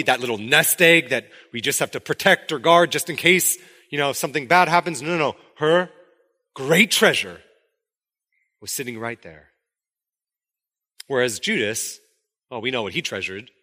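A man's voice: mid-range voice, moderate pace, pauses often. A man preaching a sermon in a conversational way, acting out quotes from the story as he goes. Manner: conversational, animated, acts out quotes. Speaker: pastor.

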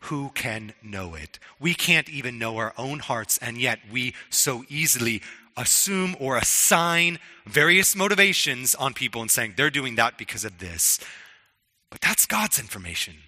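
A man's voice: medium pitch, lively intonation, normal speed, pushed and bright, in a large hall. A man preaching a sermon in an earnest, conversational way, often restarting his words. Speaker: pastor.

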